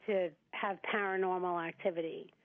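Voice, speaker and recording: A hoarse woman with a Long Island accent, calling in to a talk show and chatting quickly. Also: fairly low pitch, fairly even intonation, no room sound. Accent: Long Island New York. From Long Island, New York. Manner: fast-talking. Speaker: caller. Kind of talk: casual call-in chat. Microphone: phone. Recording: tinny phone line.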